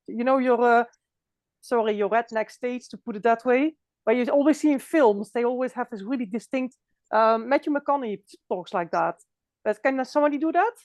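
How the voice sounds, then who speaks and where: A fairly high-voiced woman pauses often, searches for words and apologizes. Her voice sounds dry and close, with no room echo. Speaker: English learner. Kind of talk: casual online group chat.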